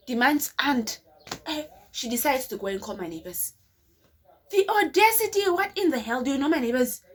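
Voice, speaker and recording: A woman's voice: medium pitch, a bit bright. A young woman telling a dramatic story to her viewers with rhetorical questions. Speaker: vlogger. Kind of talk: storytime vlog.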